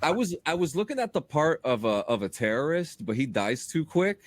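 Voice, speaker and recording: A man chats on a podcast with a lively, swooping voice that rises and falls a lot, tripping over his words as he restarts sentences. The sound is dry and close, with no room around it. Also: on the high side, a little fast, no room sound. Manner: animated, stammering restarts. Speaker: podcast host and audio drama producer. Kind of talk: casual podcast chat.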